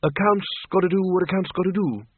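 A man's voice: high voice, a little fast, husky, no echo, voice pushed up. A man reading aloud and voicing a mild, level-headed older man in a tinny, phone-like recording. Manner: mild, reasoning. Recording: tinny phone-like dry audio.

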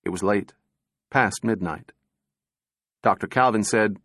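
This audiobook narrator is a man with a lowish, steady, measured delivery. The recording is dry and studio quality.

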